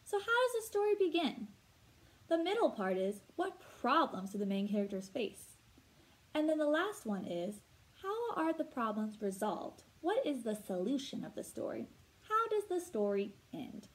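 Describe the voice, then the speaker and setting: A woman teacher explaining vocabulary words slowly and clearly, asking her listeners questions as she goes. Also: high-pitched, big pitch swings, low-quality recording. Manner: slow, clear teacher talk with rhetorical questions. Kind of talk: read-aloud vocabulary lesson.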